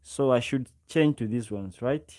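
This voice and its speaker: A man runs a relaxed livestream, speaking close to his microphone in a warm, mellow, middle-pitched voice. He chats loosely with his audience, calls out viewers by name and circles back over the same words. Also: unhurried. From Uganda. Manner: chatty, greets viewers by name and repeats himself often. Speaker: livestream host. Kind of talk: casual live chat with viewers. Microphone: own microphone, close.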